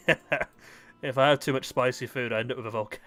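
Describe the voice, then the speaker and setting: A man's voice: medium pitch, steady tone, a little fast, fairly bright tone. A man chatting casually while playing a game, joking, swearing and laughing often. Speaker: gaming video host. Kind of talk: casual chat while gaming.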